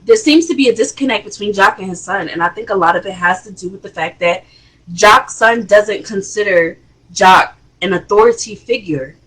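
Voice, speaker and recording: A woman hosting a casual reality TV review, chatty and expressive, with rising exclamations. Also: mid-range voice, moderate pace, breathy edge, rough recording. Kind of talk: casual commentary.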